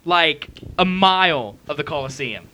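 Podcast host, giggly, keeps things moving, animated pitch. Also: unhurried, crowd noise. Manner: laughs often, running the show. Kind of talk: casual group chat.

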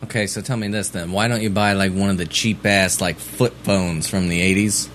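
A man co-hosting a livestream, teasing his friend with crude, deadpan jabs. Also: sits low, moderate pace, a little hiss or hum. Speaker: streamer co-host. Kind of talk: casual livestream banter.

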